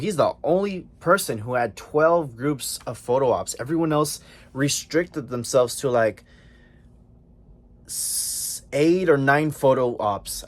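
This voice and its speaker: Chatty young male vlogger. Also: mid-range voice. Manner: excited, chatty, slangy with many fillers. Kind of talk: casual storytelling vlog.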